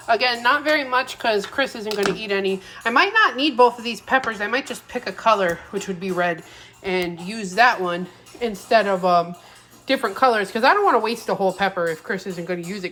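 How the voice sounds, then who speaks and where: A woman's voice: medium pitch, lively intonation, fairly quick, a bit bright. A young woman chatting casually while cooking in her home kitchen, rambling and self-deprecating as she drifts off topic. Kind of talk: casual cooking vlog chat.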